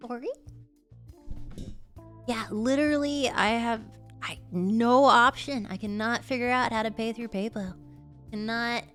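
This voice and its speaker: A woman streaming casually, bubbly and excitable, gasping and chatting to her viewers. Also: on the high side, measured pace, long pauses, faint music behind. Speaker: livestreamer. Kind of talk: casual livestream chat.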